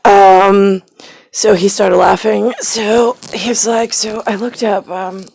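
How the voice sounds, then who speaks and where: A woman talking in a casual, meandering monologue at home, now and then dropping into hushed, whispery asides. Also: mid-range voice, fairly even intonation, slow, creaky.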